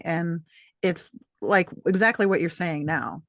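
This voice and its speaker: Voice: mid-range voice, animated, measured pace, fairly bright tone, no echo, studio quality. A podcast host chatting agreeably in a casual interview, with hesitations and fillers.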